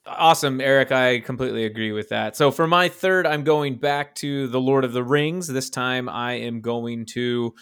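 A man co-hosts a casual podcast and talks with upbeat enthusiasm. He sometimes gropes for a detail before pressing on. The sound is dry and close, at an ordinary male pitch. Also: moderate pace, few pauses, a bit bright, clear, resonant tone, no echo. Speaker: podcast co-host. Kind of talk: casual chat.

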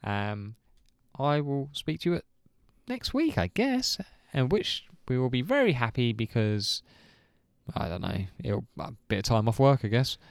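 A man hosting a casual podcast, rambling between ums with easy laughter. His voice is smooth and resonant, with a lively pitch, and the sound is close and dry. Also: unhurried, dry recording. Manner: rambling, laughs often, many fillers. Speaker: podcast host. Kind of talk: casual chat.

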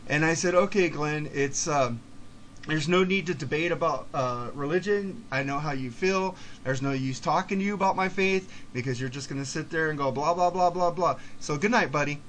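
A man's voice: on the high side, moderate pace, a bit bright, a little hiss or hum. Profane, fired-up man ranting on a podcast. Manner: profane, heated storytelling. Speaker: podcast guest. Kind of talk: casual podcast chat.

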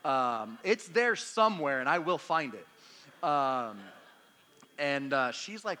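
A man's voice: on the high side, very animated, slow pace, bright, forceful tone, slight background noise. A man preaching a storytelling sermon in a chatty, self-deprecating, humorous way, acting out bits of dialogue. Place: church meeting hall. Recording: long hall reverb.

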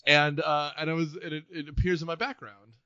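A man co-hosting a casual movie-review podcast, animated, laughing often and acting out lines from films. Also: fairly high pitch, a little fast, dry recording, muffled recording. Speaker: podcast co-host.

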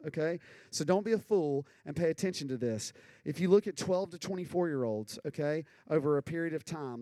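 A man's voice: a little high, a little mellow, no room sound. A young adult man preaching a casual, earnest sermon to young people, often checking in with "okay?" and "right?". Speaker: youth pastor.

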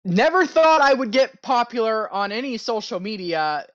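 A man's voice: high voice, normal speed, no echo. A young man speaks as a podcast guest in a candid, rambling way, often breaking into giggles. His recording sounds dull and lo-fi. The sound is close and dry. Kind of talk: casual podcast chat.

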